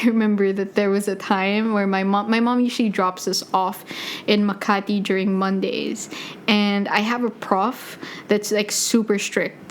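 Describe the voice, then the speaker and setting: A woman's voice: medium pitch, slight background noise. A young woman in her twenties with a Filipino accent, hosting a podcast and telling personal stories in a chatty, self-deprecating way with frequent laughs. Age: 20s. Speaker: podcast host. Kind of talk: casual personal storytelling. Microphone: USB desk mic.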